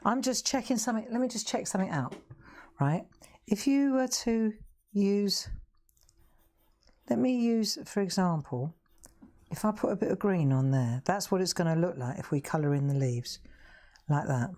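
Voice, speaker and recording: A woman's voice: mid-range voice, animated, moderate pace, long pauses, warm tone. A middle-aged woman with a Southern English accent, hosting a live craft demonstration in a chatty, self-mocking way and laughing often. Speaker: craft show host. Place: craft room.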